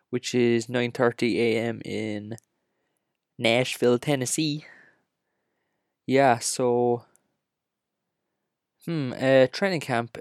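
An Irish man with a Cork accent hosting a solo podcast, ranting and joking in an excitable, casual way. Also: medium pitch, no room sound, studio quality. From Ireland. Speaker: podcast host.

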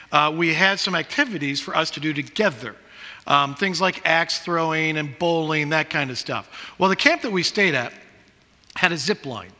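Male pastor, middle-aged, storytelling sermon, high-pitched, reverberant church hall. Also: bright, forceful tone. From Pacific Northwest. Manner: storytelling, self-deprecating.

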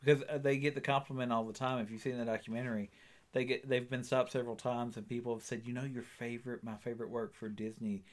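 A man's voice: mid-range voice, little pitch movement, fast. A man co-hosting a podcast in casual chat, chiming in with trivia. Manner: chimes in with trivia. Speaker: podcast co-host.

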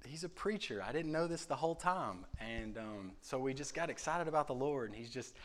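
A young man giving a casual morning devotion, halting with many ums and repeated words, and acting out chats with coworkers. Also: medium pitch, expressive. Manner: acts out conversations with coworkers. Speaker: church speaker giving a devotion.

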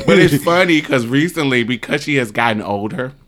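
A young man telling a story in casual chat, animated and laughing, with sound effects. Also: medium pitch, brisk, background noise.

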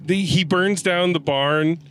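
A man co-hosting a podcast, chatting casually about a movie in an animated, laughing way and swearing freely. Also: a little high, slow, a little hiss or hum. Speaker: podcast co-host. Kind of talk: casual movie review chat.

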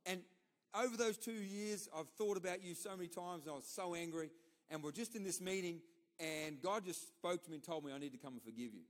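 Talking a little fast, this middle-aged Australian pastor preaches in a relaxed storytelling manner. He leans on repeated phrases and forceful asides, and his voice sits slightly above the usual male range.

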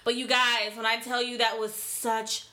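Woman, podcast host, playful chat, fairly high bright voice. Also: level tone, moderate pace. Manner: playful, laughing, interjects. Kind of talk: casual chat.

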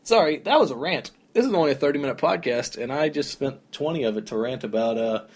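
A young man hosting a solo podcast, rambling casually with lots of "like" and "dude", in a relaxed, conversational way. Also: medium pitch, quick pace, slightly rough. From American South. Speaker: podcast host.

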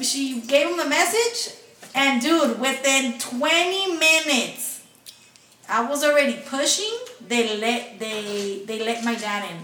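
A young woman with a high, sharp voice takes her time, her intonation lively, as she tells friends a personal story. She curses often and slips between Spanish and English. She's far from the mic in an echoey room, with faint noise.

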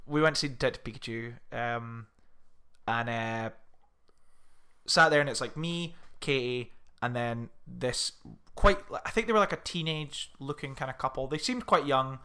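A man co-hosting a podcast, telling an animated, sweary story in casual chat. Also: normal speed, clear, resonant tone. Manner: animated storytelling with sweary rants and shrill mimicry. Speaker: podcast co-host.

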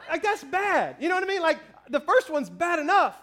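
Pastor, man, 30s, very high voice, lively storyteller who pokes fun at himself. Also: fairly quick. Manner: storytelling, animated, self-mocking. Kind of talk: sermon.

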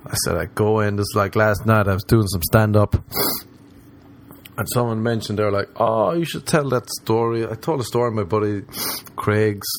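A man's voice: lowish voice, moderate pace, slight background noise. A young man hosting a podcast, a stand-up comedian rambling through a profane, jokey monologue. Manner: rambling, profane, jokey, with swings into mock voices.

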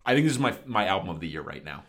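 Male podcast co-host, fairly low voice, eager and agreeable, casual tone. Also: big pitch swings, very fast, a bit bright. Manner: enthusiastic, agreeable, frequent backchannel affirmations. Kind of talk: casual chat.

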